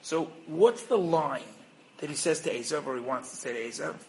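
A man giving a Torah lesson as a rabbi, animated, firing rhetorical questions and acting out little exchanges. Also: fairly high pitch, normal speed, a little hiss or hum, poor audio. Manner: acts out little dialogues. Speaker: rabbi and educator.

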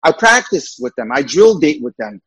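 A man's voice: fairly high pitch, big pitch swings, moderate pace, a bit bright, breathy edge, lo-fi sound. A man working as a dating mentor, giving an earnest lecture full of rhetorical questions.

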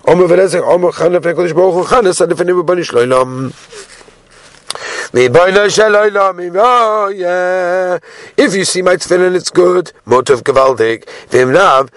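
A man giving a daily Talmud class, animated, mixing Hebrew phrases into English and asking rhetorical questions. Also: sits high, dry recording. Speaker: Talmud teacher.

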